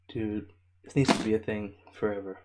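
A man's voice: fairly low pitch, heavy background noise. A young man hosting a casual livestream, talking loosely with slang and swearing, laughing often and reading viewer comments aloud with affection. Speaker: livestream host.

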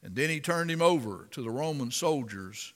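A man preaching a sermon and reading scripture aloud, impassioned and dramatic, rising to loud emphasis. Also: mid-range voice, expressive, normal speed, big-room sound.

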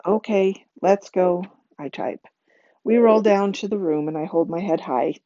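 A woman reading a novel aloud, expressive, with a lively rhythm in lists. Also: fairly low pitch, normal speed, no echo, dull audio. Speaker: reader.

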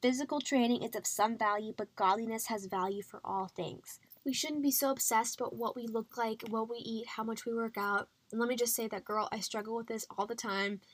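A woman's voice: on the high side, steady tone, fairly quick, few pauses, dry recording. A young adult woman hosting a podcast, chatty and encouraging, with frequent fillers. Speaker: podcast host. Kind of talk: faith-based health podcast monologue.

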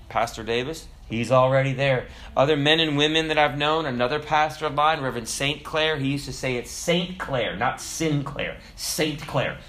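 A man preaching a sermon in a conversational, humorous way, acting out little quotes and slowing down to quote scripture. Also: medium pitch, fairly bright tone. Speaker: pastor.

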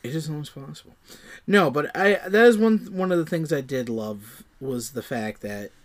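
A man with a fairly high, very lively voice talking through a movie in a casual podcast chat. He often hesitates and restarts, and acts out his own reactions as he goes. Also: moderate pace. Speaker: film podcast co-host.

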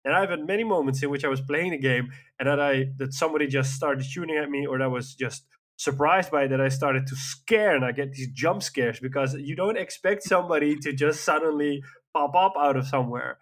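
A man's voice: on the high side, brisk, a bit bright. A man in casual chat as a podcast co-host, talking in a rambling, enthusiastic way with frequent fillers.

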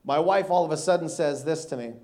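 A man in his thirties, a guest preacher telling a funny, animated personal story in a sermon with frequent laughter. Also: fairly high pitch, a little fast.

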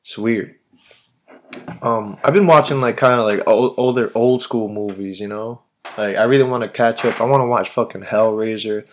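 A podcast host with a lowish voice chats casually at a moderate pace, rambling along, swearing constantly, and using plenty of slang.

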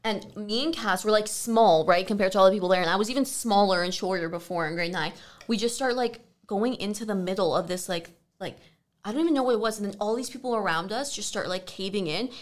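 A young woman from Canada telling rambling party stories in casual chat, full of "like" and swearing. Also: medium pitch. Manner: fast, rambling storytelling with frequent "like" and swearing.

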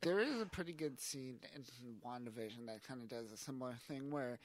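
A man co-hosting a casual comic book talk, animated, quoting characters in a raised voice. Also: mid-range voice, a little fast. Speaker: podcast co-host.

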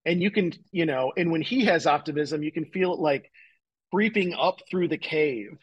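A man's voice: on the high side, moderate pace, slightly rough, lo-fi sound. A man guesting on a podcast, talking enthusiastically in a rambling way, full of "like" and "you know". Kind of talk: casual chat.

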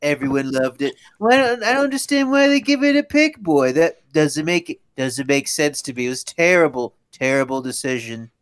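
A man's voice: on the high side, big pitch swings, moderate pace, few pauses. A man putting on the voice of a bragging, aggrieved older male politician who rambles about his losses. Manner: rambling, self-pitying boasts.

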